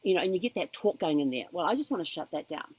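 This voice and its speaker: A woman with a lowish voice hosts a casual motivational talk, earnest and encouraging as she shares her own experience. The sound is dry and close, with no room echo. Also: lively intonation, fast talker, a little mellow, breathy edge. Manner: earnest, encouraging, personal asides. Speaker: host.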